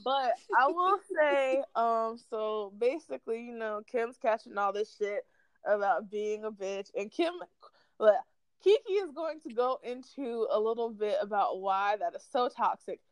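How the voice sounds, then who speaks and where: A woman's voice: fairly high pitch, expressive, a little slow, clear, resonant tone, dry recording. A woman co-hosting a podcast, chatting casually and animatedly about celebrity gossip, swearing freely and laughing often. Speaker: podcast co-host.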